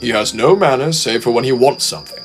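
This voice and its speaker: A man voicing a stiff, reserved male diesel engine who speaks formally and quietly. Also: medium pitch, fast talker, faint music behind, lightly acted.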